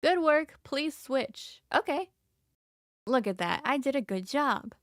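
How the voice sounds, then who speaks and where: A young woman streams a horror game with a high, animated, fairly bright voice at a slow pace, recorded dry with clean studio sound. She chats casually as let's-play commentary, gets flustered, laughs often, giggles, and talks to the game.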